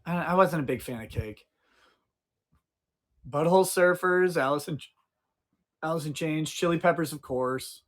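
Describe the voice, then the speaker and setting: A man's voice: a little high, normal speed, pauses often. A man in his forties hosting a casual livestream outdoors, rambling, swearing freely and answering his chat. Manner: profane, rambling, talks to chat. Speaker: livestream host.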